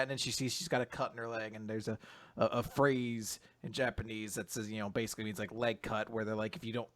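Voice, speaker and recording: A man hosting a podcast, recapping comic chapters in loose, animated casual chat with lots of fillers and the odd swear word. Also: fairly low pitch. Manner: loose, animated retelling with quick voices. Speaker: podcast host.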